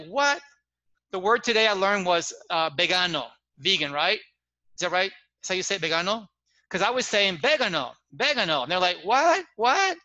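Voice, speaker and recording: High, bright man explaining in a webinar. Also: no room sound, poor audio. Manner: animated explaining with examples. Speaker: teacher trainer. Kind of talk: webinar lecture.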